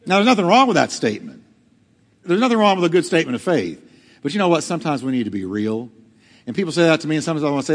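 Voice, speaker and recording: A man's voice: a little high, big pitch swings, rapid-fire, big-room sound. A male pastor preaching a sermon, acting out quotes with dramatic swings in delivery. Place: church hall.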